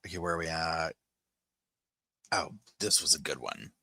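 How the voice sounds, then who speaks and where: A man hosting a casual live-chat commentary, retelling events in a sassy, animated way. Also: rumbling low, moderate pace, creaky, no echo. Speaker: host.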